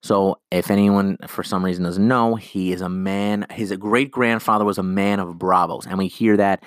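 This solo podcast host has a voice on the low side and an animated, rambling style, slipping into brief impressions as he voices characters. It's a dry, intimate recording without room sound.

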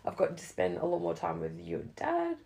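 A young woman, chatting casually, swearing a lot and swinging between loud outbursts and low mutters. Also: big pitch swings, brisk, creaky. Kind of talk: casual chat.

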